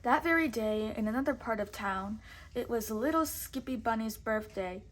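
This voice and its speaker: A woman teacher reading a storybook aloud slowly and carefully. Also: on the high side, a little hiss or hum.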